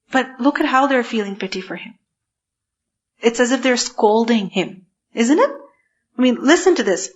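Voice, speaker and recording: A woman giving a scripture lecture, emphatic, asking herself rhetorical questions and reciting Arabic verses quickly. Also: on the high side, lo-fi sound. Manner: emphatic, asks rhetorical questions then answers them. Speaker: Quran teacher. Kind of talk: tafsir lecture.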